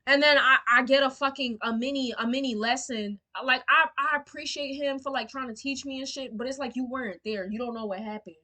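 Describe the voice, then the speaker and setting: A woman's voice: high voice, steady tone, a little fast, hardly any pauses, sharp tone. A young woman telling a storytime to camera, emotional and indignant, swearing freely and using lots of fillers. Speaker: storyteller vlogger.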